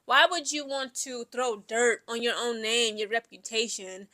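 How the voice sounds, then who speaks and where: Brief: young woman, high bright voice, animated and opinionated vlog commentary. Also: a little slow. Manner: animated, opinionated, full of filler words. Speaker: commentary vlogger.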